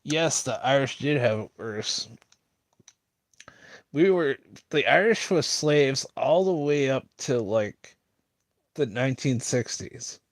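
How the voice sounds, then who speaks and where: A man's voice: mid-range voice, animated, slow, dry recording. A man rambling in a casual monologue, full of fillers and restarts, mocking the people he disagrees with. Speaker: streamer.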